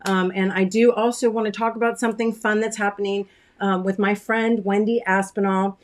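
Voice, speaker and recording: A woman hosting a casual craft-studio livestream, greeting viewers by name with chatty, friendly talk and frequent ums, clearing her throat now and then. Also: medium pitch, flat delivery, normal speed. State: throat-clearing, choked up after dinner. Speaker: craft shop owner hosting a weekly livestream.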